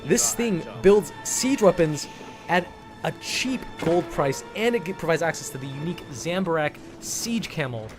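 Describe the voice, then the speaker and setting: Here the caster's voice is slightly high and animated, moving at a moderate pace. He rambles through casual live commentary on a strategy game match, stumbling and restarting words, over background music.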